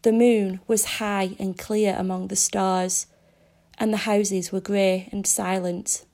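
A woman narrating a story aloud in a measured, descriptive reading. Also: mid-range voice, little pitch movement, a little mellow.

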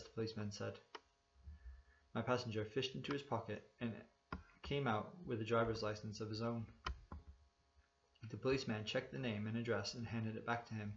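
A man narrating a first-person story in a steady, plain manner. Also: on the low side, moderate pace, a little hiss or hum. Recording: slightly dull lo-fi recording.

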